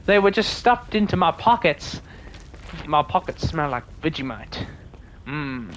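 A man talks through a horror game in a fairly high voice. He cracks jokes, swears freely and yelps when startled. A constant noise sits beneath his voice. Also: very animated, a little slow. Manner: jokey, swears, reacts loudly to scares. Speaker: gaming video creator. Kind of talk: let's play commentary.

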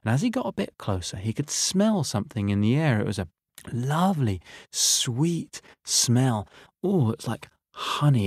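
Slow, expressive male storyteller for children. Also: on the low side, no room sound, clean studio sound. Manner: lively, expressive narration addressing children.

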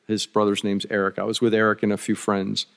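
A man's voice: on the low side, completely flat delivery, fairly quick, creaky, clean tone. A man from Philadelphia giving a conference talk, telling a travel story with wry humor and frequent restarts. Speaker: conference speaker. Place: conference hall. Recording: long hall reverb.

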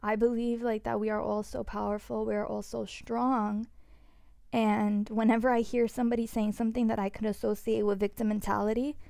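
Gravelly reflective woman sharing. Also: on the high side, little pitch movement, a little fast, warm tone, no room sound, clean studio sound. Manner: reflective, many "like" fillers. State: voice shaking with emotion. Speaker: podcast co-host. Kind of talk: vulnerable personal sharing.

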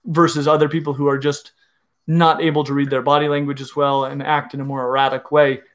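A man's voice: a little high, flat delivery, a little fast. A middle-aged man, a reptile educator, answering viewer questions in an enthusiastic, explanatory way, often restarting his sentences. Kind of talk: casual livestream Q&A.

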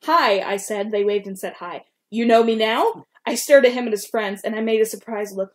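A woman's voice: on the high side, moderate pace, hardly any pauses. A woman co-hosting a podcast, casually reading her old fan fiction aloud and stopping to comment on her own writing. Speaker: podcast co-host.

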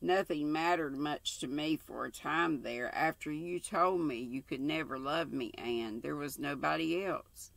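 A woman's voice: sits low, unhurried, creaky, hardly any pauses, fairly bright tone, dry recording, heavily acted. An older woman reading the lines of an earnest, tender young man in love from a storybook.

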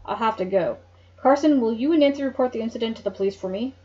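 A woman voicing a calm male doctor who recounts events in a measured way, on a dull lo-fi home mic. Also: extremely high pitch. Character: calm male doctor telling his story.

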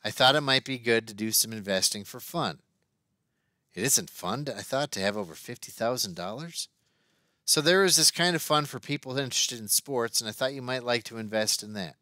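A man voicing a careful, apologetic stockbroker who explains things in a measured way. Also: medium pitch, bright, forceful tone, no echo, studio quality, natural voice. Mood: explaining.

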